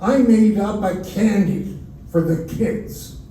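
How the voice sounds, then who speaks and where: A man's voice: high voice, slow, mellow, a little hiss or hum. An older man doing a stand-up comedy set in a club, with wry, self-mocking punchlines. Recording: roomy club audio from far off. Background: laughing crowd.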